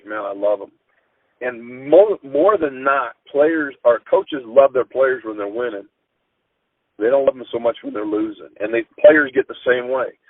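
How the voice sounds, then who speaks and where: A middle-aged man, a football coach, telling an emotional story in an interview, earnest and halting with frequent restarts. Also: mid-range voice, husky, no echo. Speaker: high school football coach. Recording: tinny phone-line sound.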